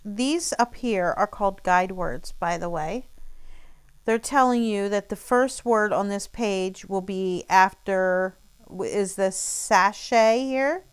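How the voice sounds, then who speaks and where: A woman teacher talking students through a textbook page in a relaxed, conversational way, with fillers. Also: mid-range voice, clear, resonant tone. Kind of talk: recorded online lesson walking through a textbook page.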